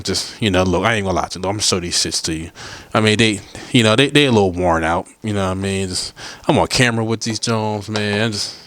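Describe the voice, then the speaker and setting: Smooth-voiced, low-pitched male podcast host. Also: fast, fairly bright tone, dry recording. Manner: loose, rambling and profane, with frequent asides. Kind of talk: casual solo podcast chat. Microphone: studio mic with headphones.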